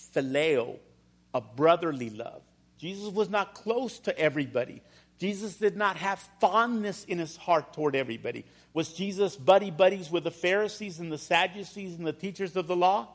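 A man pastor preaching a sermon in church, firing rhetorical questions with emphasis. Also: on the high side.

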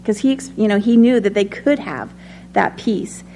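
A woman's voice: mid-range voice, normal speed, dark tone, slight background noise. A woman teaching a conversational sermon. She speaks in a personal tone, with many ums and light laughs. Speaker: Bible study teacher.

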